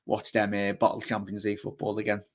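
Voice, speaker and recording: A man with a Liverpool accent hosting a live football fan show, chatting fast and rambling while reading out viewer comments. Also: on the low side, monotone. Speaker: fan channel host.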